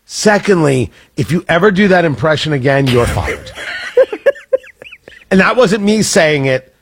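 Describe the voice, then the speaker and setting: A man's voice: fairly high pitch, expressive, moderate pace, slight background noise. Jokey male radio host. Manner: jokey, self-mocking, laughs often. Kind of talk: casual on-air banter.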